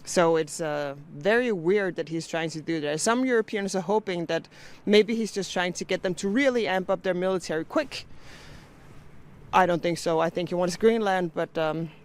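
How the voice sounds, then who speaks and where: Dude casually explaining stuff, smooth clear voice, kinda high, lots of ums and hedging. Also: male voice, moderate pace. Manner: relaxed, hedging, with fillers. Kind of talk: casual spoken commentary.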